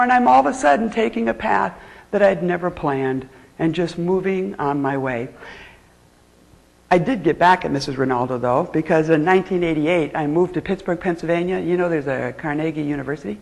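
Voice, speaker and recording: A woman on a stage telling a playful, animated story as a motivational speaker. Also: brisk, gravelly. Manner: animated, playful, big swoops of pitch. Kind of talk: storytelling keynote speech. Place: stage in a spotlight.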